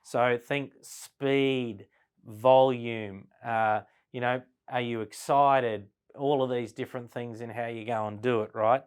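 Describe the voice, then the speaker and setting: A business sales trainer with a clear, resonant, medium-pitched voice gives a relaxed, conversational classroom lecture at a flip chart. He frequently checks in with "right?" tag questions. To show how tone changes meaning, he slows down and varies his speed and volume.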